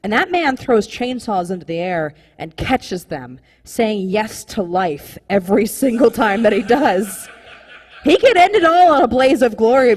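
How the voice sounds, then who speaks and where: A young woman performing a live stand-up comedy set, rambling and animated, full of "like" fillers. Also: fairly high pitch, breathy edge, long reverb tail. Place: comedy club stage with live audience.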